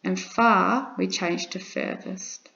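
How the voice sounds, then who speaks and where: A woman's voice: mid-range voice, fairly even intonation, takes it slowly, vocal fry, fairly bright tone. A woman teaching an English grammar lesson, patiently repeating examples and checking in with her students. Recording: dull lo-fi recording.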